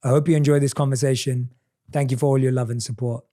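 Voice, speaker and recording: A man's voice: mid-range voice, steady tone, fast, dark tone. A man in his thirties hosting a podcast, earnest and grateful as he introduces and asks questions. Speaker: podcast host.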